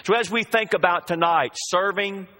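A man's voice: high-pitched, moderate pace, sharp tone. A man preaching a sermon, drawing out the scripture quotes with emphasis.

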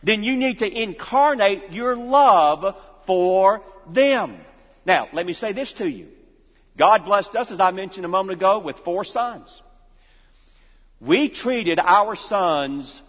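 A man's voice: high-pitched, animated, a little slow. A male pastor preaching a sermon emphatically, repeating key lines for effect. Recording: reverberant hall, dull lo-fi sound.

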